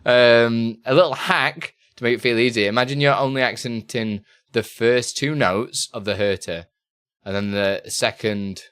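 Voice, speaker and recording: A man's voice: mid-range voice, steady tone, normal speed, fairly bright tone, clear, resonant tone. A man chatting casually on a live stream, reading out chat questions and laughing often.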